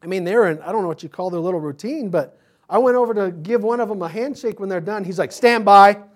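A male pastor delivering a sermon in a conversational way. He mixes scripture with humorous everyday asides. Now and then his excitement jumps up mid-thought. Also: high-pitched, quick pace.

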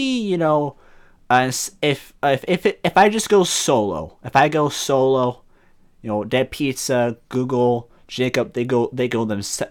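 Man, podcast host, solo sports chat, halting and rambling with many fillers, casual, swears freely. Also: mid-range voice. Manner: casual and profane.

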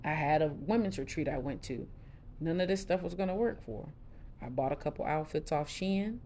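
A middle-aged woman hosting a podcast, telling her personal story candidly in a casual, expressive way with lively quoted asides. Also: deep voice, moderate pace, a little hiss or hum. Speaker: podcast host.

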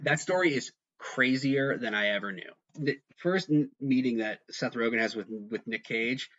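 A man chatting casually on a podcast, spinning an animated anecdote studded with "like". His voice sits in a middle pitch. The recording is slightly dull and lo-fi. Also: moderate pace. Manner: animated storyteller, heavy use of "like". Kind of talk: casual chat, storytelling.

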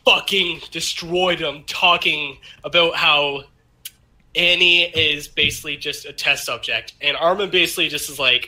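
A man co-hosting a casual podcast chat, excitable and emphatic, swearing often. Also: a little high, normal speed.

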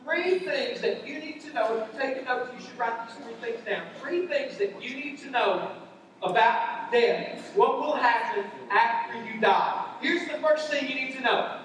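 A man's voice: very high-pitched, unhurried, fairly bright tone, a little hiss or hum. A man preaching a sermon as a pastor, talking conversationally and repeating his points for emphasis, in a large church auditorium. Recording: echoey hall, heard from far off.

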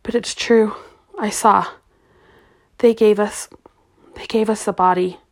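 A woman's voice: fairly even intonation, takes it slowly. Woman voicing a bitter grieving father. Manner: low, guarded, then bitter and broken. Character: grieving bitter middle-aged father, a government official.

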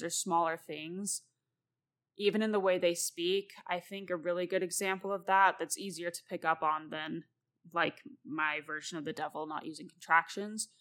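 A woman's voice: lowish voice, fairly bright tone. A woman host and novelist talking casually and at length about writing, rambling and laughing often.

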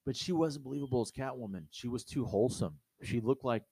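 A man's voice: medium pitch, quick pace, warm tone, slightly rough, no room sound. A man co-hosting a podcast, talking in a blunt, profane, emphatic way in casual, opinionated chat. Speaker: podcast co-host.

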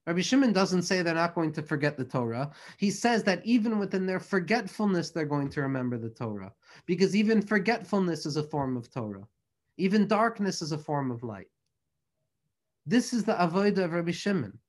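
A man's voice: high voice, animated, normal speed. A man giving an impassioned Torah lecture, speaking in rhythmic runs of repeated, building phrases. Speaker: Torah teacher.

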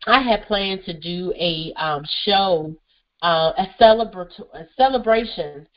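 A woman's voice: lowish voice, measured pace, muffled recording. A woman hosting her own radio show, talking enthusiastically and effusively, her voice a bit stuffy and congested from a cold. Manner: enthusiastic, effusive, repeats "listen" and "guys". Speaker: radio show host, therapist and motivational speaker. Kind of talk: upbeat solo radio show monologue.

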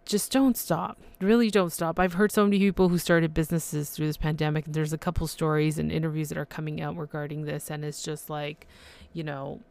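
A woman's voice: sits low, level tone, brisk, gravelly, darkish tone, clean tone. A woman hosting her own podcast and talking solo, effusive and overwhelmed, with many fillers and restarts. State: emotional and overwhelmed. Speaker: podcast host.

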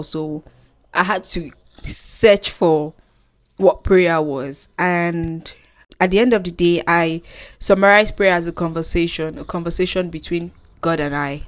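A young woman co-hosting a faith podcast, bubbly and earnest and quick to laugh. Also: fairly low pitch, fairly even intonation, no room sound. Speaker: podcast co-host. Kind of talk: casual faith podcast chat.

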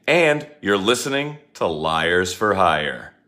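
A man reading a short recorded podcast intro in a flat, unenthusiastic way. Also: low-pitched, slow.

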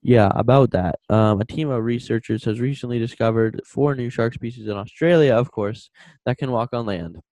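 A man's voice: medium pitch, warm tone, dry recording, low-quality recording. A young man co-hosting a casual comedy podcast, reading a news article aloud with frequent stumbles and self-corrections. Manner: reads articles haltingly, stumbles and corrects himself. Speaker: podcast co-host.

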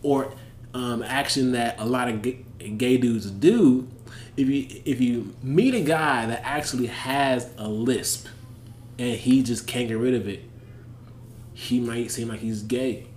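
A young man with a Southern US accent co-hosting a casual podcast, unhurried and slangy, often breaking into laughter. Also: mid-range voice, a little mellow. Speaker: podcast co-host. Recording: echoey room, faint background hum.

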